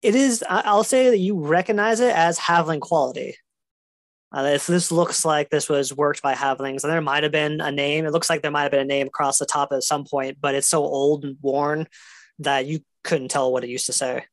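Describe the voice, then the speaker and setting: Woman game master, low and dry. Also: moderate pace, no room sound. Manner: relaxed, hesitant with fillers. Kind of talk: narrating a tabletop game.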